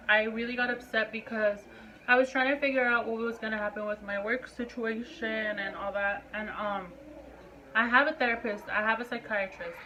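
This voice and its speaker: A woman's voice: mid-range voice, bright, forceful tone, highs cut off, slight background noise. A woman in her twenties speaking to her viewers in a personal vlog, impassioned and emphatic, repeating points for stress. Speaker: vlogger.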